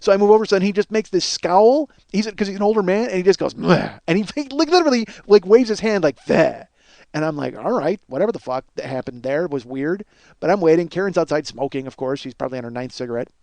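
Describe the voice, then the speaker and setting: A man in his forties hosting a podcast and telling a comic story, profane and self-mocking, and he gets loud and worked up. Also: sits high, animated, rapid-fire, hardly any pauses, no room sound. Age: 40s. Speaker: podcast host.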